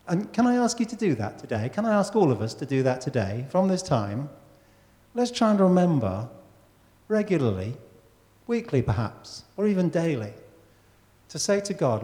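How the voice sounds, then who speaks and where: A man's voice: on the high side, big pitch swings, moderate pace, long pauses, warm tone. A man preaching a sermon to his church, talking conversationally and asking the congregation questions. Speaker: pastor. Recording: church hall with long reverb.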